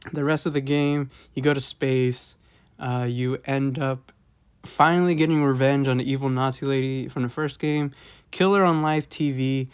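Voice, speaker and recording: A man's voice: mid-range voice, darkish tone, clear, resonant tone. A man rambling casually through a game review, with lots of fillers and frequent chuckles. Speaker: gaming video host.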